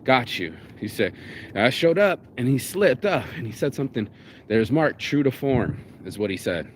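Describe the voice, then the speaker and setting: A man telling stories in a profane, rambling, animated rant as a vlogger. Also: medium pitch, a little fast, a little hiss or hum. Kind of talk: casual storytelling rant.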